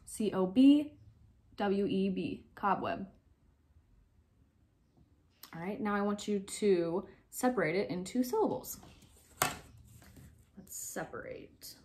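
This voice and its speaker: A young woman teacher giving slow, clear, step-by-step instructions in a phonics lesson for young children. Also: medium pitch, expressive, dark tone, a little hiss or hum.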